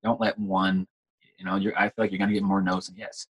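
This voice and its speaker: A man's voice: low-pitched, flat delivery, brisk, breathy edge, poor audio. A young man, an actor chatting in a casual interview, rambling and repeating words. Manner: rambling, repeats words, says "like" and "you know" often. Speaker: actor guest.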